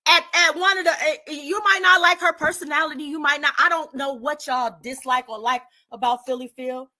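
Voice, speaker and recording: A woman's voice: high-pitched, fairly even intonation, brisk, few pauses, pushed and bright. A woman giving indignant live commentary, repeating herself for emphasis and lecturing her viewers. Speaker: commentary streamer.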